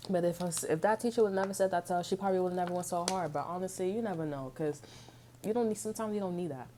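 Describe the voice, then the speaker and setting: A woman's voice: lowish voice, fast, mellow, slight background noise. A woman giving a casual tarot reading, chatty and slangy, swearing freely and humming little tunes between thoughts. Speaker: tarot reader.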